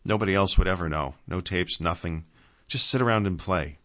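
A man's voice: sits low, a little fast, a bit bright. A man voicing a blunt, devoted old man over 60 in a storybook reading. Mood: earnest. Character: old man, devoted, gruff, loving friend.

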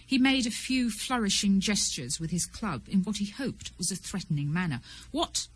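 A woman narrating an audiobook in a measured, expressive storytelling manner. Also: mid-range voice, breathy edge, low-quality recording.

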